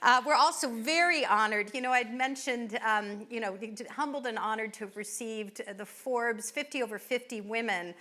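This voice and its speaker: A woman with a bright, fairly high voice hosts a live event on a microphone. She introduces guests one after another, offering effusive thanks and filling her pauses with "uh" and "you know.". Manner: warm effusive thanks with fillers. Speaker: event host. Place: winery event venue.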